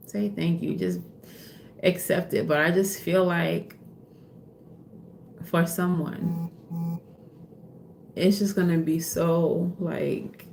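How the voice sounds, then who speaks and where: Woman, tarot reader, gravelly, unhurried delivery. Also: low voice, a little mellow, a little hiss or hum. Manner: casual, profane, laughs often, slips into playful voices. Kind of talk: casual tarot reading.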